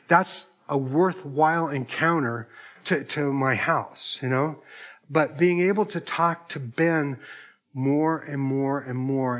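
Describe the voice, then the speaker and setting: A man's voice: a little high, a bit bright. Conversational male preacher telling a story. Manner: conversational, retells dialogue with quoted voices. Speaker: pastor. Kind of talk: sermon with storytelling.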